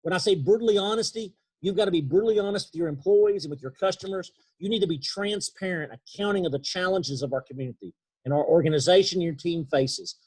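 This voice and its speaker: A man with an East Texas accent giving an earnest, emphatic leadership talk on a video call, slowing down for key points. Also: high voice, darkish tone, husky. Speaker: leadership speaker. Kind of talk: motivational webinar talk.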